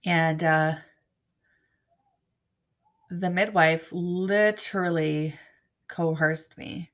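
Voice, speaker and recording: A woman telling her own story as a bereaved mother, halting and frank, with blunt swearing. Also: on the low side, steady tone. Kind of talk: personal storytelling to camera.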